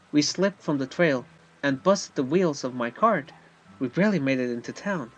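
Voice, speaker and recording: A man's voice: fairly high pitch, rough recording. A man reading a stranded traveling trader's lines in a plain, matter-of-fact way.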